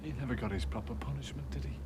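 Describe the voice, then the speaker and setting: An actor playing a resentful, drunken working-class bar owner in a TV drama. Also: male voice, mid-range voice, rapid-fire, close to an everyday voice. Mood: drunk raging. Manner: resentful, sneering, shouting at night. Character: bitter drunken middle-aged working-class barman. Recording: hissy old TV recording.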